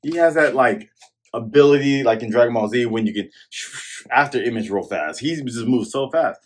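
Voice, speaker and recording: A man hosting a manga review show, retelling a chapter in a casual, excitable way and acting out the scenes as he goes. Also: mid-range voice, moderate pace.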